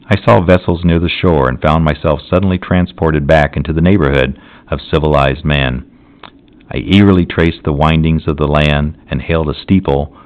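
A man narrating a classic novel as an audiobook, in a measured, solemn reading. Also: rumbling low. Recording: dull lo-fi recording.

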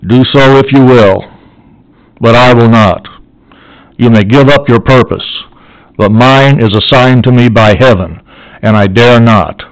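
A dying male scientist speaks from his sickbed, grave and vengeful, voiced by a man reading an audiobook. The delivery is solemn and measured. The pitch sits in an ordinary middle range for a man. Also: no echo, lightly acted, low-quality recording. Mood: defiant.

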